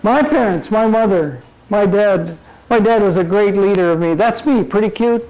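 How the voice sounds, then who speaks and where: An older man giving a humorous motivational talk at a club meeting, telling jokes deadpan. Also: high voice, moderate pace, poor audio. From Minnesota. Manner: deadpan joke-telling to a laughing audience. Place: meeting room before a live audience. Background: audience laughter.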